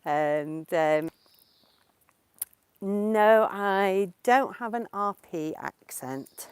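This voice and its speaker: Walking through the countryside with a portable mic, this English woman teaches a relaxed live-stream lesson and responds to viewers' questions. Her mid-range voice is animated yet slow, clear and explanatory, with no room sound.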